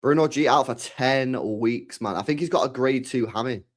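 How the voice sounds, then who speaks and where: A man's voice: medium pitch, moderate pace. A young man chatting casually, rambling, swearing freely and repeating himself in slang. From England. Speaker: streamer chatting with viewers. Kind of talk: casual chat.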